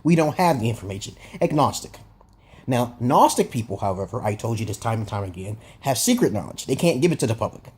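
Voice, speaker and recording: Man, mellow husky voice, profane emphatic rant, rambling vlog monologue, repeats himself. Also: mid-range voice, big pitch swings, fast talker. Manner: profane, emphatic, keeps asking "okay?"; repeats and restarts phrases. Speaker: vlogger.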